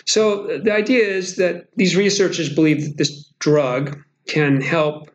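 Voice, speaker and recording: A man's voice: fairly high pitch, a little slow, dull audio. A man co-hosting a podcast in casual, joking chat, often rambling and stumbling over his words. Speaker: podcast co-host. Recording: echoey room with faint noise.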